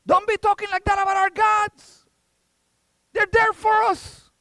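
A preacher voicing a stubborn father who defends his stone idols, breaking into high, loud exclamations while telling a story in a sermon. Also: level tone, unhurried, no room sound, clean studio sound, exaggerated voice. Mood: indignant.

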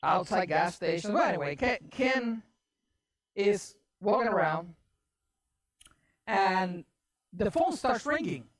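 A woman preacher telling a story in an animated sermon, often repeating words and getting loud and emphatic. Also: mid-range voice, slow pace, long pauses.

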